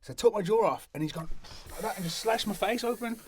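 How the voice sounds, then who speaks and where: Young man, brisk, animated interview storyteller. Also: a little hiss or hum. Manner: animated, acts out other people's lines in higher voices.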